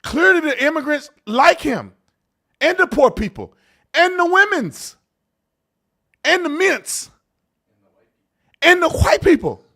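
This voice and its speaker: Animated man host, mocking and loud. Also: very high voice, slow pace, pauses often. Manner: animated, mocking, switches between hushed asides and loud outbursts. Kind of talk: live political commentary show.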